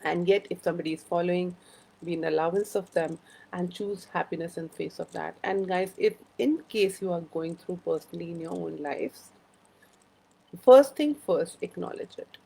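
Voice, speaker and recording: A woman's voice: lowish voice, moderate pace, gravelly, mellow, breathy edge, rough recording. A woman hosting a casual live-stream chat, rambling through personal stories and greeting viewers by name. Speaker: host of a live wellbeing chat.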